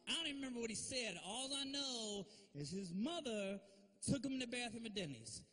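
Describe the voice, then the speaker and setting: High-voiced male stand-up comic. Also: animated, a little fast, pushed and bright. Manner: conversational, with frequent "you know?" and "man". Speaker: stand-up comedian. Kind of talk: stand-up comedy routine. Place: stage at a live comedy show.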